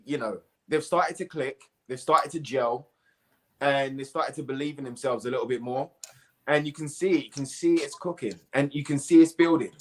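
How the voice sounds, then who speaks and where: A man, a guest on a football podcast, talking excitedly and repeating himself over a video call. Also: medium pitch. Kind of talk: casual football chat.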